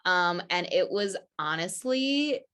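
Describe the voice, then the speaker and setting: A woman's voice: on the low side, expressive, slow pace, sharp tone, clear, resonant tone. A woman guest on a casual podcast, a chatty storyteller who fills her talk with "like" and acts out quoted lines.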